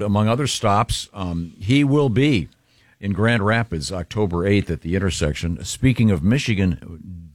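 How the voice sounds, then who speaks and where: A man's voice: fairly low pitch, dry recording, studio quality. A man hosting a radio show, reading announcements and joking with the crew.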